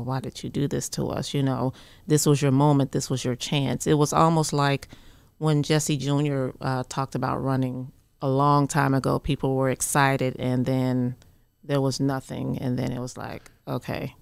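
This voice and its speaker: A woman newspaper editor, a guest on a studio talk show, speaking in a measured, thoughtful way with many pauses. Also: rumbling low, vocal fry, darkish tone, smooth, no room sound. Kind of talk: casual studio chat.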